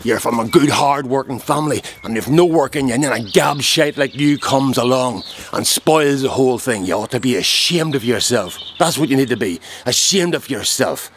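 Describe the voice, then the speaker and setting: A man voicing a furious ranting man who hectors and insults, shouting outdoors in a garden. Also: mid-range voice, lively intonation, moderate pace, few pauses, slight background noise. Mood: scolding. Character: furious ranting man scolding a lazy whinger.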